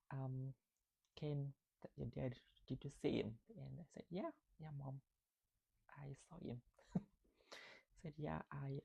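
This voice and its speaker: A man's voice: mid-range voice, vocal fry, slightly rough, rough recording. A man vlogging, telling a personal story about grief in a reflective, conversational way and often checking in with "right?".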